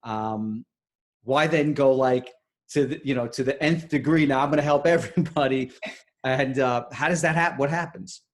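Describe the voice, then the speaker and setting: A male podcast host who asks questions in a halting, searching way. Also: mid-range voice. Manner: stop-start, searching questions. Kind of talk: podcast interview.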